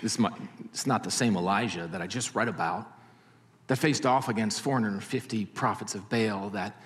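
Animated preacher man, big hall reverb. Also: lowish voice, normal speed. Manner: animated storytelling, swinging between loud and hushed. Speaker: pastor. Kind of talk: sermon.

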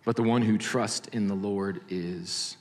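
Animated preacher man, big hall reverb. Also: lowish voice, unhurried. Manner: animated storytelling, swinging between loud and hushed. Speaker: pastor. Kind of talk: sermon.

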